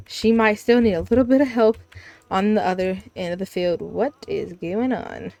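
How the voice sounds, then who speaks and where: A young woman giving casual, chatty commentary over a life-simulation game, with sudden gasps and giggles. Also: a little high. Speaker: gaming video creator.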